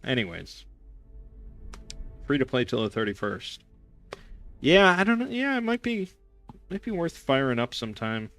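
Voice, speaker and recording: A young man rambles through a casual stream chat with a sarcastic edge, tripping over fillers and restarts. His voice is bright and crisp, recorded close and dry, with faint music underneath. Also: mid-range voice, big pitch swings, moderate pace, pauses often. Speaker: streamer hosting a gaming chat show.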